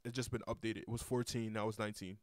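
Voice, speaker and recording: A man's voice: lowish voice, level tone, fast talker, a little mellow, dry recording. A young man hosting a casual podcast, rambling with lots of repeated words and cursing freely. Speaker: podcast host.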